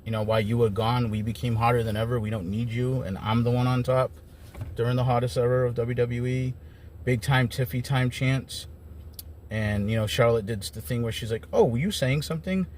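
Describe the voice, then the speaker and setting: A man's voice: mid-range voice, little pitch movement, normal speed, darkish tone, slight background noise. A man giving a casual, rambling recap of wrestling shows as an enthusiastic fan. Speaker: wrestling commentator.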